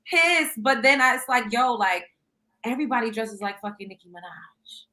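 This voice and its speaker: Bright-voiced young woman, animated and laughing. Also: fairly high pitch, moderate pace, rough recording. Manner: animated, laughs often, swears casually. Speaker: podcast host. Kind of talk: casual chat.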